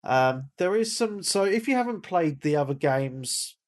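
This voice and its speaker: A man co-hosting a gaming podcast in casual chat, rambling and repeating himself, hoarse as he loses his voice. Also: on the high side, lively intonation, a little slow. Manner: rambling, repeats words, calls himself a big nerd. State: losing his voice, coughing. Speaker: podcast co-host.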